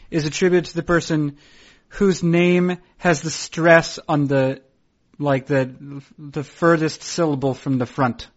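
A young man in casual banter, asking probing questions with halting restarts and laughing asides. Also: on the high side, lo-fi sound.

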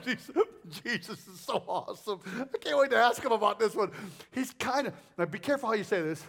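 A male preacher giving a sermon, telling stories in a rambling, animated way full of jokes and asides. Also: sits high, fairly quick, gravelly.

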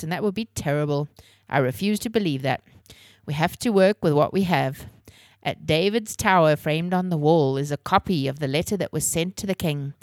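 A woman's voice: deep voice, no echo, clean studio sound, lightly acted. A woman reading the lines of an earnest, middle-aged man explaining a family mystery.

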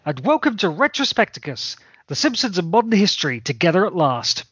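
A man with a notably high voice hosts a podcast, talking with keen, jokey enthusiasm and rattling off long lists. The sound is dry and close, a little dull in its top end. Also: big pitch swings, brisk, a bit bright, slightly rough, no echo. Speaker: podcast co-host. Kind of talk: casual chat.

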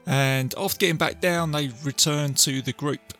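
A man's voice: fairly high pitch, normal speed, fairly bright tone, faint music behind. A man casually retelling a film's plot, rambling and full of fillers. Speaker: film reviewer. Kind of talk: casual film recap to camera.

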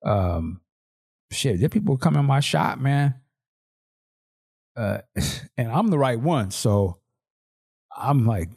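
Podcast co-host, man, casual slangy storyteller, middle pitch. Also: sing-song, slow, creaky, long pauses, darkish tone, breathy edge. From Seattle, Washington. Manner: storytelling, slangy, acts out dialogue. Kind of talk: casual chat.

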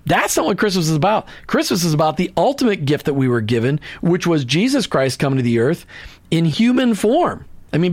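A man's voice: sits high, no echo. A man hosting a Christian radio talk show, speaking earnestly in a preachy way, with many restarts and asides into a studio microphone.

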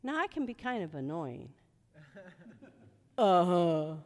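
A woman preaching a sermon, shouting commands at times and telling chatty stories with asides. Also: fairly low pitch, slow. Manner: animated, shouting commands at spirits, then chatty storytelling with asides. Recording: reverberant hall.

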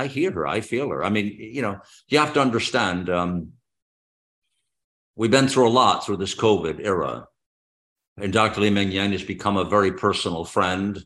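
A radio host with a very low yet fairly bright-toned voice speaks with fervent patriotic passion on his talk show, often circling back and restarting sentences.

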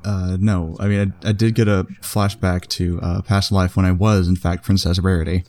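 Deadpan low-voiced man on a podcast. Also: moderate pace. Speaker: podcast co-host. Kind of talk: casual comedic podcast chat.

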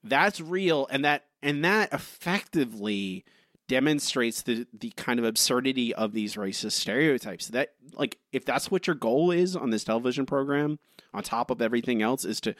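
A man's voice: mid-range voice, lively intonation, normal speed, fairly bright tone, no echo, clean studio sound. A man co-hosting a podcast in casual chat, rambling animatedly with lots of filler words. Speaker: podcast co-host.

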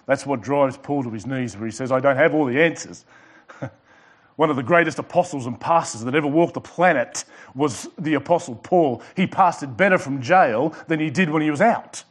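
A male pastor preaching a sermon with emphatic delivery, repeating and underlining his words. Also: medium pitch. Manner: emphatic preaching with pauses and repetitions.

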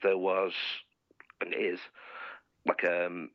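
A man's voice: low-pitched, completely flat delivery, very slow, no echo. A man telling a bawdy, sweary story in casual chat, laughing as he goes, on dull lo-fi podcast audio.

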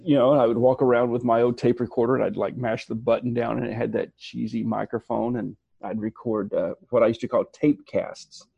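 A man's voice: mid-range voice, little pitch movement, fairly quick, vocal fry, few pauses, husky, dry recording, lo-fi sound. A man from the American South, a podcast guest telling stories in casual chat with dry humor.

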